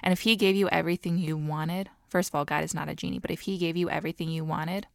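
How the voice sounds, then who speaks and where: Earnest woman with a lowish voice. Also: steady tone, fast, gravelly, no room sound, studio quality. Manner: earnest, reflective. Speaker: podcast co-host. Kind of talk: casual faith talk.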